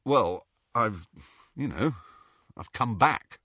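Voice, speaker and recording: A man's voice: medium pitch, expressive, takes it slowly, sharp tone, husky, no echo, muffled recording, exaggerated voice. A man doing a blunt, breathless young man. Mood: awkward.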